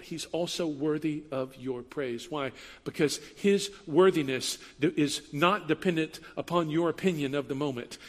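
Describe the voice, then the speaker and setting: A man's voice: fairly high pitch, big-room sound. A man giving a sermon as a pastor, speaking in a conversational style with emphatic repetition.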